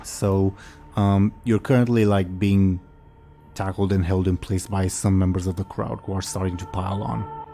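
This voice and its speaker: Young guy gm, low mellow voice, um-ing through the scene. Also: steady tone, creaky, faint music behind. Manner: casual, halting, frequent fillers. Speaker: game master. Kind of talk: narrating a tabletop game.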